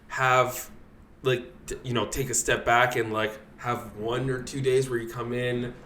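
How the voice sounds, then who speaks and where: A man hosting a podcast, giving short agreeing replies and asking loose, halting questions in casual chat. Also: mid-range voice, level tone, sharp tone. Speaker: podcast host. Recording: echoey room with faint noise.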